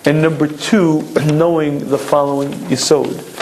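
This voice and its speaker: A man giving a recorded Torah lecture, explaining emphatically and clearing his throat often. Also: a little high, flat delivery, measured pace, darkish tone, slight background noise, poor audio.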